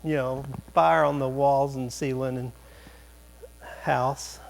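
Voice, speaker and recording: A man preaching a sermon as a pastor, telling a story with lively humor and quick asides. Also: mid-range voice, gravelly. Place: church sanctuary.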